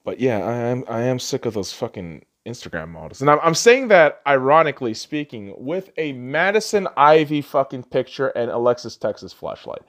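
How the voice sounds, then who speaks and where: A man's voice: medium pitch, animated, normal speed, hardly any pauses, fairly bright tone. A young man hosting a solo podcast, ranting profanely and arguing back at himself. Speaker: podcast host.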